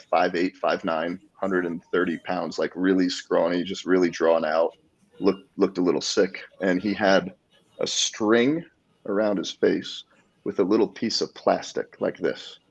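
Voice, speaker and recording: Deep gravelly man telling a story. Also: dull audio. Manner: animated storyteller acting out quotes. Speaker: guest, jiu-jitsu black belt. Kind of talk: casual storytelling.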